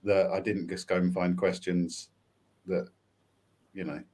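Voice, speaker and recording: A man's voice: sits low, level tone, a little slow, darkish tone. A man co-hosting a podcast, asking playful questions with hesitant restarts. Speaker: podcast co-host. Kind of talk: casual chat.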